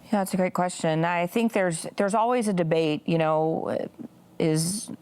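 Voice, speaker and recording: A woman's voice: on the low side, unhurried, a little mellow, clear, resonant tone. A woman in her forties telling a personal story as an interview guest, earnest and full of "you know" fillers. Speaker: guest, pro-life activist.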